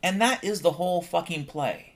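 A man's voice: fairly high pitch, normal speed. A man hosting a solo podcast, ranting bluntly and swearing often in a heated monologue. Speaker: podcast host.

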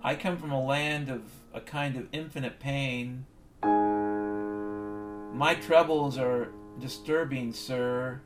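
A man voicing a weary male taxi driver from India, speaking slowly and formally and calling the listener sir. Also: mid-range voice, steady tone, over loud music, close to an everyday voice. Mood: mournful. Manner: slow, solemn, formal, addresses listener as sir.

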